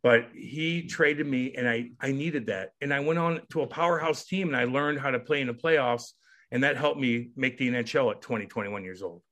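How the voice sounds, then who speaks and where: A man in his thirties tells a story as a podcast guest. He is loose and animated, swears casually, and puts on the voices of the people he talks about. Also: medium pitch, moderate pace. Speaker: podcast guest, former hockey player.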